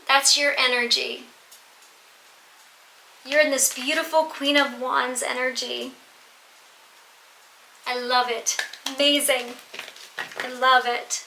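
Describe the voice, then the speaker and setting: A woman reads tarot cards for her audience in a high, very bright voice. She is earnest and emphatic and often repeats a phrase to drive it home. The room is echoey, with a faint hiss underneath. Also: little pitch movement, slow pace, long pauses. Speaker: tarot reader. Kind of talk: tarot reading to viewers.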